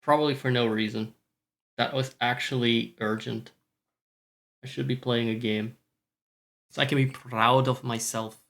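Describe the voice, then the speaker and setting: A man's voice: mid-range voice, steady tone, measured pace, pauses often, fairly bright tone. A Scottish man chatting casually on a stream, rambling, swearing often and talking to himself.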